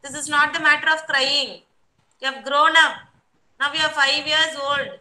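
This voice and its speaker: Kindergarten teacher on a video call, high voice, super bright and sharp, repeats numbers slow. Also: female voice, flat delivery, rough recording. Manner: repeats numbers slowly, coaxing and scolding young children. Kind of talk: online class instruction.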